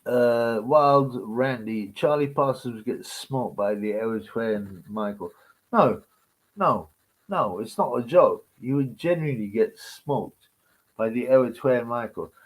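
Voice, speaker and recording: Guy on a live stream, slow unhurried rant, crude and mocking, middle pitch. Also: expressive, rough recording.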